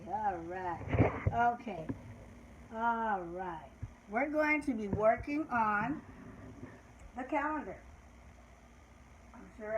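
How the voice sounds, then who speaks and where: An older woman hosting a live children's lesson, speaking in a patient, sing-song teacher voice. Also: fairly high pitch. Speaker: children's show host teaching calendar. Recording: echoey room with faint background noise.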